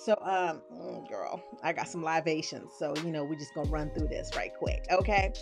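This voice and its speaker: A woman leading a live online workshop, chatty and excitable, checking in with "right?" as she goes, speaking into a webcam. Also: deep voice, normal speed, creaky, over music. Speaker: online course creator and trainer.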